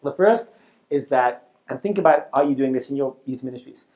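A middle-aged man who leads a youth ministry, giving an animated, conversational talk to youth workers in front of a live audience. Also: medium pitch, fairly quick.

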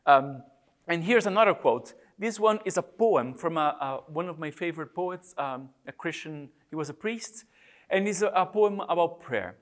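Guy with a high voice leading a prayer talk, reflective, lots of pauses and restarts. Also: lively intonation, a bit bright. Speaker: preacher.

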